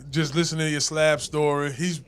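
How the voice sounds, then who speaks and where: A man hosting a casual radio talk show, hyping up his guest with a lively, laughing manner. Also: fairly high pitch, fairly quick, smooth. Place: radio studio.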